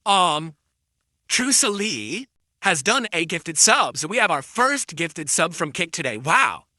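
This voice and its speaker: Bright-voiced man ranting on stream. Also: fairly high pitch, big pitch swings, slow, no echo, clean studio sound. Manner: defensive, insulting rant at critics. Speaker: live streamer. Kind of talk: ranting live stream talk.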